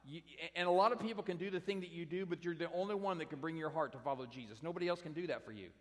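A man's voice: on the high side, very fast. A pastor preaching a sermon to his congregation, emphatic and direct, repeating his key phrases. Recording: long hall reverb.

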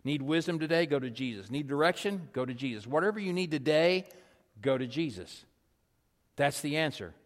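A man's voice: on the high side, lively intonation. A man preaching a sermon in a conversational way, with rhetorical questions, repeated calls and asides. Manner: drops to a soft, slow, hushed delivery. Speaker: pastor. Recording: long hall reverb.

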